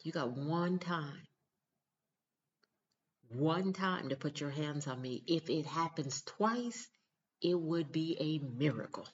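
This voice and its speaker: A woman's voice: low-pitched, lively intonation, takes it slowly, pauses often, husky, highs cut off. Earnest woman giving blunt advice. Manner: earnest, emphatic, direct. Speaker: mother giving relationship advice. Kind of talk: casual advice vlog.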